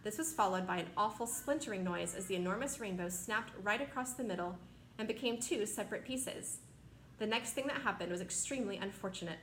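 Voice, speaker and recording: A woman reading a children's novel aloud as narrator, with steady, expressive storytelling. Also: mid-range voice, a little fast. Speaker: reader. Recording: echoey room, faint noise.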